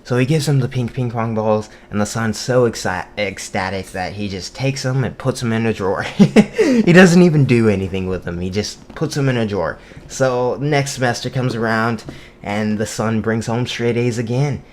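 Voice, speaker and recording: Young man, low voice, loose and crude, telling a long rambling joke with faint ambience behind him. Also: moderate pace, a little hiss or hum. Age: young adult. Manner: casual, profane, laughs at own jokes, many fillers. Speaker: joke teller. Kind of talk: rambling shaggy-dog joke.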